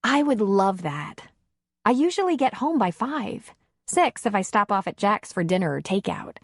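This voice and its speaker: A woman voicing a lonely, eager woman, speaking softly in an audiobook. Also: mid-range voice, sing-song, normal speed, no echo, studio quality, voice pushed up. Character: lonely woman in her thirties, warm and eager.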